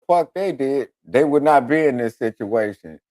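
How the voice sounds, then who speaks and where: Brief: male radio host, lively swinging pitch, dry close-mic sound, profane comic storyteller. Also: normal speed, dry recording. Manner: animated storytelling, switches into voices of others. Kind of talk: profane comedic monologue.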